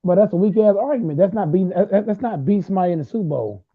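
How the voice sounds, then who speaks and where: A young man in his late twenties argues football with loud, repeating trash talk. His voice sits high and gravelly. The sound is thin and tinny, like a phone line. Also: lively intonation, rapid-fire, dry recording. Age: late 20s. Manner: loud, repetitive, trash-talking. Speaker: host. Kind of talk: heated casual sports argument.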